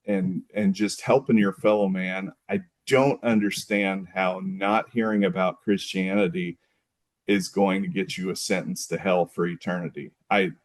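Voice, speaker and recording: A man who is a guest on a podcast, talking thoughtfully with frequent pauses and restarts. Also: sits low. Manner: thoughtful, hesitant, many fillers and restarts. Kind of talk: casual conversation.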